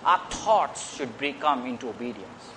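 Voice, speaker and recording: An earnest man preaches a sermon at a mid pitch and often repeats his phrases. His voice rises when he stresses a point. A faint hiss sits behind him. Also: lively intonation, normal speed, sharp tone.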